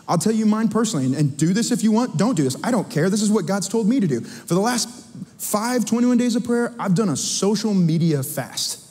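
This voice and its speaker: A pastor in a church sanctuary delivers a sermon in a voice that is high for a man. His preaching is animated and conversational as he teases and questions the congregation, and the large hall gives the sound a long reverb.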